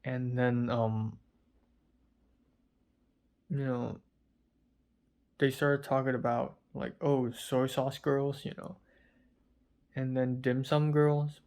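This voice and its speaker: Sleepy and worn out, a man from Hong Kong halts his way through a casual vlog, rambling and using plenty of fillers. His mid-range voice is gravelly yet clean, a touch mellow, with a flat delivery.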